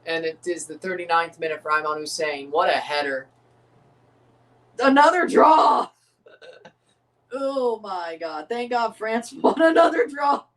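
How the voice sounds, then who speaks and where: A man hosting a live watchalong of a football match, excitable and opinionated, often exclaiming and laughing at the action. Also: on the high side, moderate pace, far from the mic. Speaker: livestream host reacting to a match.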